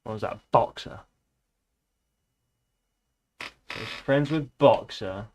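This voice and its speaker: A man's voice: lowish voice, slow, a little mellow, slight background noise. A man streaming himself reading a novel aloud, breaking off for sarcastic, sweary asides. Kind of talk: casual reading aloud with commentary.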